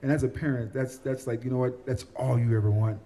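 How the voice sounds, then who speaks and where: Fast-talking, mellow-voiced man. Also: medium pitch, steady tone. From Central New York. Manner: earnest, repeats words while thinking. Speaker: guest, former football player. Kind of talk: casual interview talk. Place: cafe.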